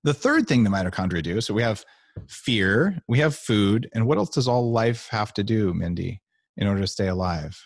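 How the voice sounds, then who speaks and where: A man's voice: fairly low pitch, animated, moderate pace, vocal fry, no echo, studio quality. A middle-aged man, a guest author, talking playfully on a podcast and acting out little voices as he explains. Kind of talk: animated podcast talk.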